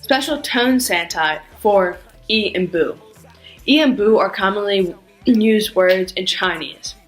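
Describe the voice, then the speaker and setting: A woman giving a scripted language lesson, speaking carefully and acting out sounds with exaggerated pitch swings. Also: faint music behind, rough recording. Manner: slow, careful, demonstrates tones with exaggerated pitch. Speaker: language teacher.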